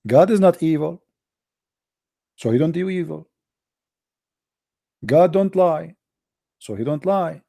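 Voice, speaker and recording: A man's voice: on the high side, expressive, slow, vocal fry, pauses often, dark tone. A middle-aged man with an Arabic accent, hosting a call-in show and giving a polemical religious talk in a mocking, emphatic way with broken grammar.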